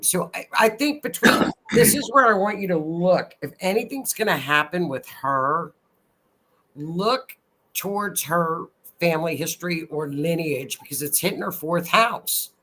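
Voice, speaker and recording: A man with a bright, forceful voice pitched a little high talks through planets and houses in loose, casual chat. He laughs easily and keeps coming back to the chart. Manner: reads events through astrology, laughs often. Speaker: astrologer guest.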